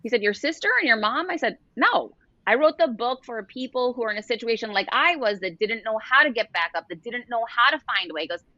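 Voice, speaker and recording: Bright-voiced middle-aged woman telling stories. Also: on the high side, no echo, muffled recording. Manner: animated storyteller, acts out quoted dialogue. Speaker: guest, author. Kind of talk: casual interview storytelling.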